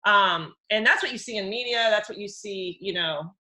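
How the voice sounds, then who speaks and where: A middle-aged woman hosting a live workshop as a counselor, chatty and animated, breaking into high mimicking voices. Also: normal speed, poor audio.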